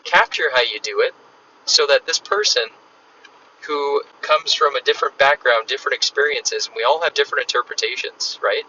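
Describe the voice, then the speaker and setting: A podcast host on the road explains ideas in a casual, conversational solo show. His mid-range voice is bright and forceful, at a normal speed. The recording sounds distant, dull and lo-fi, with faint noise.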